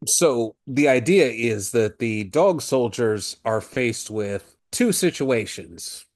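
A man's voice: medium pitch, lively intonation, takes it slowly, darkish tone. A man co-hosting a casual comic book podcast, making playful, ironic asides. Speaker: podcast co-host.

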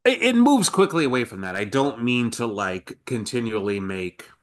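A man's voice: mid-range voice, big pitch swings, normal speed. A man co-hosting a casual comic book podcast, making playful, ironic asides. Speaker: podcast co-host.

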